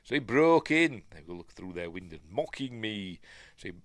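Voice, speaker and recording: A film reviewer from Yorkshire, England talks through a movie casually, rambling off on tangents and filling the gaps with lots of fillers. His low voice has a sing-song lilt and moves fast, with no echo in the recording.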